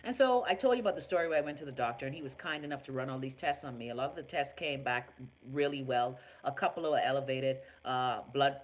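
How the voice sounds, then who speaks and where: A woman's voice: deep voice, low-quality recording. Outspoken Bahamian woman hosting live. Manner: outspoken and profane, reacting to viewer comments. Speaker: host of a live online talk show. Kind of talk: casual live-stream rant.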